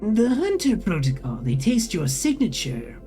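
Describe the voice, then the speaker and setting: A player reading a narrative game aloud, voicing a cryptic vending machine in slow, halting, broken phrases. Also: mid-range voice, wildly swooping pitch, mellow, faint music behind. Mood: ominous. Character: eerie multitonal vending machine, cryptic and urgent.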